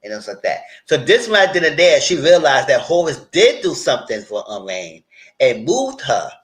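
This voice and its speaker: Animated man recapping a TV episode. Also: mid-range voice, moderate pace. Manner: animated, acts out characters' lines in quotes; chatty, addresses viewers directly. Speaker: TV show reviewer. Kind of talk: casual live TV recap.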